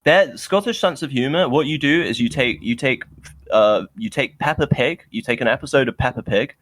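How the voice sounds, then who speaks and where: A man's voice: mid-range voice, moderate pace, fairly bright tone. A young British man co-hosting a podcast, chatting casually and ranting in an opinionated, sardonic, rambling way. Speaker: podcast co-host. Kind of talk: casual chat.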